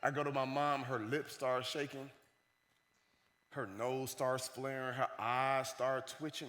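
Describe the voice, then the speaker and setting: A man giving a keynote speech, telling a story in an animated way and acting out the voices of the people in it. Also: medium pitch, measured pace. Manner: animated, acts out the voices of the people in his stories. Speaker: keynote speaker. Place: conference hall stage. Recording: long reverb of a large hall.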